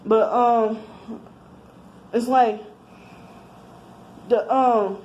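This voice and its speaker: A woman's voice: a little high, fairly even intonation, extremely slow, darkish tone, highs cut off, a little hiss or hum. A woman in her thirties talking in a rambling personal monologue, slightly out of breath, with many restarts and fillers. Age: 30s. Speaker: vlogger.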